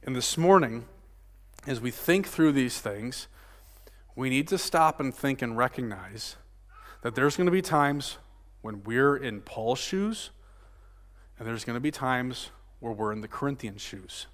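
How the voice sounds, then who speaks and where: A male pastor preaching a sermon. He swings between loud emphasis and hushed, near-murmured lines, and often checks in with the room by asking "right?". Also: medium pitch, expressive, a little slow. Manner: frequent rhetorical "right?" tag questions. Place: church sanctuary. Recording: long reverb of a church sanctuary.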